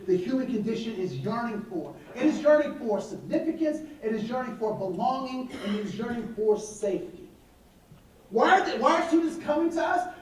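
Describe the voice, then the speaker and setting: A man giving a talk to an audience, telling stories with animated delivery, acting out dialogue and asking rhetorical questions. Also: very high-pitched. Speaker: speaker on attitudes and education. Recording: very echoey hall from far off.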